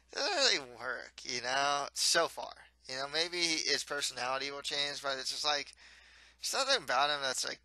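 A man's voice: medium pitch, pushed and bright, dry recording, poor audio. A young man casually reviewing a manga, rambling with lots of fillers and restarts.

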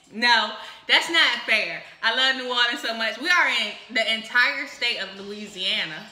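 A woman's voice: on the high side, measured pace, pushed and bright, faint music behind. A woman hosting a comedy cocktail show, chatting casually and rambling exuberantly as she mixes drinks. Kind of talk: casual comedic chat while mixing drinks. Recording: echoey room.

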